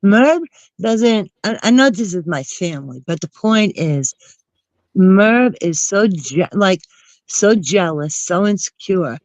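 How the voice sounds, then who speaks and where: A woman with a New Jersey accent and a cold, rambling through casual gossip with animated asides. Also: fairly low pitch, dry recording, low-quality recording. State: has a cold. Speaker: chat participant.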